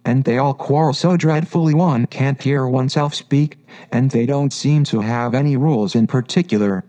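A man's voice: medium pitch, moderate pace, mellow, close to an everyday voice. A man voicing a polite, curious young girl in a storybook reading. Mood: earnest. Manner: polite, earnest.

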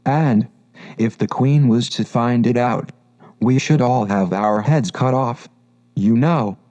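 A man voicing a timid playing-card gardener who speaks low and apologetically in a storybook reading. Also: takes it slowly, a little mellow, muffled recording, lightly acted. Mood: apologetic.

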